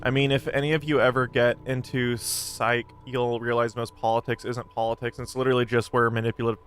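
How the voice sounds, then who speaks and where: A man's voice: medium pitch, little pitch movement, a little fast, fairly bright tone, slight background noise. A man streaming a game, chatting casually to his viewers in a rambling way that often trails off. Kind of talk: casual commentary while playing.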